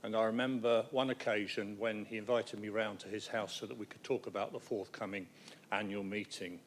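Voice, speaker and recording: A man's voice: fairly low pitch, fairly even intonation, fairly quick, slight background noise. A man giving a council meeting tribute speech, anecdotal and wry, sometimes stumbling over repeated words. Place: council chamber.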